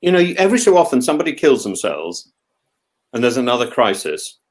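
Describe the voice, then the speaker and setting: A man's voice: medium pitch, very animated, fairly quick. A middle-aged man from England, co-hosting a casual chat, who keeps restarting and repeating words as he talks. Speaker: co-host.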